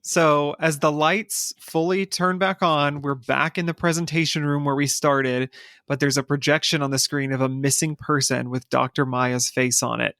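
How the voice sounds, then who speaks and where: A man's voice: on the high side, fairly even intonation, moderate pace, sharp tone, no echo, clean studio sound. A man hosting a casual podcast, walking through a show concept with dramatic storytelling narration. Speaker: podcast host pitching a concept.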